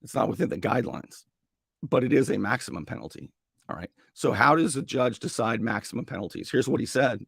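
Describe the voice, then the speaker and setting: A male talk radio host with a strained, gravelly voice, giving an opinionated monologue and acting out mock dialogue. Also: brisk, dry recording, studio quality. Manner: animated, acts out mock dialogue with sudden high-pitched bursts. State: strained voice after a long day.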